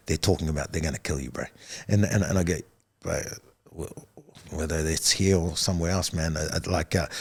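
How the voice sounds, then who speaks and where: A middle-aged man with a New Zealand accent tells his story to a podcast host in a low voice. His speech is loose and conversational. He restarts phrases, repeats words, and leans on "bro" and "man" as he goes. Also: darkish tone. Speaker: podcast guest. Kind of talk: casual storytelling interview.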